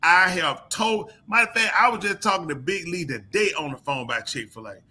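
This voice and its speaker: Animated man telling a story. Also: high voice, a little fast, breathy edge. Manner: animated storytelling with loud laughs. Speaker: co-host. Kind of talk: casual live call-in banter.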